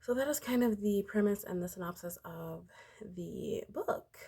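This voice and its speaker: A woman's voice: medium pitch, fairly quick, mellow, breathy edge. A woman and parent talking casually in a book vlog, rambling with lots of "like" and restarts. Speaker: book vlogger. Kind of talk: casual book review chat.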